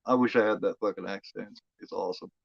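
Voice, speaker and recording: Low-voiced guy doing a horror watch-along stream, rambly and sweary, dry dull lo-fi mic. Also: fairly even intonation, quick pace, gravelly, slightly rough, no room sound. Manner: rambling, profane, many fillers. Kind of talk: casual live commentary.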